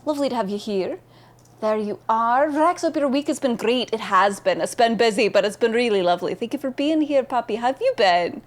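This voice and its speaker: Woman streamer, high voice, very lively pitch swings, bubbly, chatty, greets chat by name. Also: brisk. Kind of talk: casual live-stream chat with viewers.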